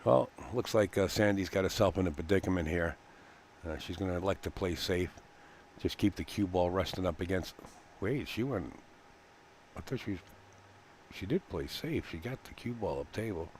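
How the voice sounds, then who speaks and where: A man with a low, deep voice calls a live pool match in a relaxed, folksy way. He rambles between shots and fills the gaps with uhs. A faint hum sits under his voice. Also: moderate pace. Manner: chatty, folksy, laughs easily, frequent fillers. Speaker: pool commentator. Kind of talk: live sports commentary. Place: pool hall commentary booth.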